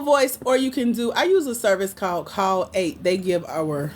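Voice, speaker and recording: A woman's voice: fairly high pitch, moderate pace, hardly any pauses, slight background noise. A woman coaching on grants, chatting casually on a livestream and teasing her viewers as she answers their comments. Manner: playful, teasing, talks back to chat comments.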